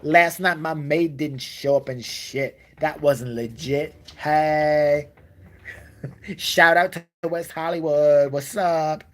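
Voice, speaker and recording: A man's voice: on the high side, steady tone, slow. A man voicing a spoiled rich young man posing as a gangster rapper, in a mocking, swaggering slang drawl. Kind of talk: comedic impression in casual chat.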